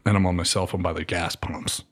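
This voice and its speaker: Husky-voiced man telling army stories. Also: low voice, a little fast. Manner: animated, acts out sergeants' shouts and his own scared replies. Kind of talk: casual storytelling chat.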